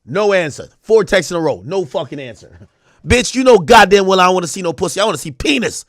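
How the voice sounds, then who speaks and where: A young man reacts on a livestream, reading messages aloud with loud, profane mockery. His voice sits a little high and swings widely in pitch. The sound is close and dry, with no room around it. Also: lively intonation, fast, no echo. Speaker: streamer reacting to trial texts.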